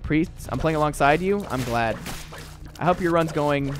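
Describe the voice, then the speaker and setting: Man in his twenties, gaming streamer, chatty, slightly high voice, game music in the background. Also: normal speed. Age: 20s. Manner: chatty, reads and answers chat while playing. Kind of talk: casual live stream commentary.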